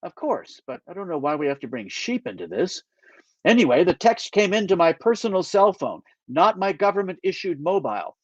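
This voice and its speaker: An eager, earnest man, a bit self-important and nervous, as an author reads him aloud from his novel. The voice is a touch high for a man. The recording is dull and dry. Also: sing-song, moderate pace, dry recording. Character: nervous eager young-ish man narrator.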